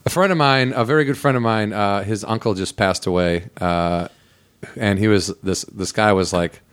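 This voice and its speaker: A man's voice: fairly low pitch, normal speed, clean tone. A man co-hosting a podcast, telling a story in casual chat, swearing freely and acting out the quotes. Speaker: podcast co-host.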